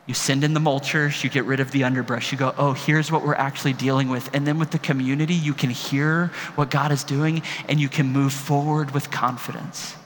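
A man's voice: medium pitch, level tone, a little fast, hardly any pauses, in a large hall, slight background noise. A man preaching a sermon as a pastor, emphatic and building to impassioned peaks, speaking in a large room.

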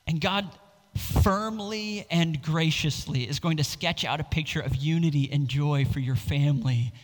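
A male pastor delivers an earnest, expressive sermon in a slightly higher-than-usual voice. His words ring out with a long hall reverb, as in a church sanctuary. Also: normal speed. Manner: earnest, expressive preaching with emphatic quoted lines.

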